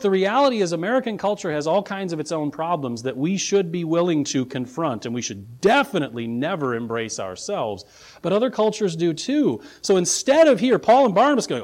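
Guy preaching a sermon, kinda high voice, really emphatic, voice jumps all over. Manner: animated storytelling, acts out quoted voices; emphatic, builds to forceful declarations. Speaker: pastor.

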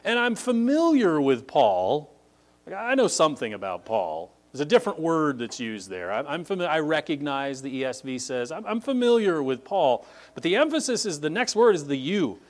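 Animated, emphatic male Bible teacher. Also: brisk. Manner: emphatic, with sudden high-pitched leaps on key words; conversational, with frequent "like" and restarts.

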